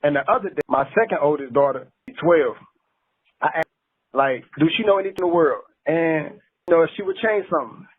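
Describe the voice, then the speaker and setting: A man hosts a casual radio talk show, telling stories at an easy pace and talking straight to his listeners. His voice is husky and sits a bit high for a man. He is calling in over a tinny phone line. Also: expressive, fairly quick. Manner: laid-back storytelling, addresses listeners directly. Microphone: phone call.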